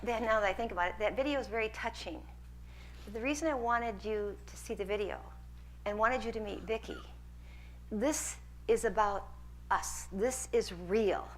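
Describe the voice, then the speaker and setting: A woman's voice: medium pitch, a bit bright, a little hiss or hum. A woman lecturer taking questions from a hall audience, earnest and encouraging as she answers. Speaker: guest lecturer.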